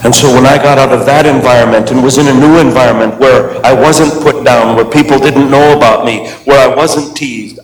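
A man, a comedian and Christian speaker, telling a story to an audience, shifting between hushed and emphatic moments. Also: a little high, a little hiss or hum. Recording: echoey hall audio played from a video clip.

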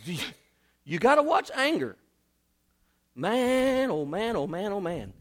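A male pastor with a drawl preaches with lively energy, repeating phrases and swinging from hushed asides to loud emphasis. His voice sits high for a man. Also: takes it slowly. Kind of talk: sermon.

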